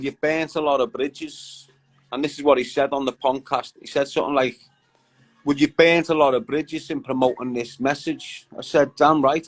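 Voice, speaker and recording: A man's voice: medium pitch, rough recording. A young man hosting a casual live stream, bantering with viewers in a slangy, chatty way. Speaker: livestream host.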